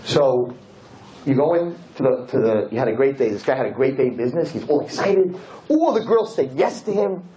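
A man teaching a class as a rabbi, telling stories in an animated, joking way and acting out the scenes. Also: medium pitch, brisk. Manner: animated, jokey, acts out scenes. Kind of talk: lively storytelling lesson. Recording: dull lo-fi with faint noise.

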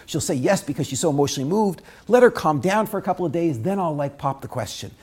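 A man voicing a young prince in a told story, speaking low and hushed as he schemes. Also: lively intonation, fast, husky. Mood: hesitant.

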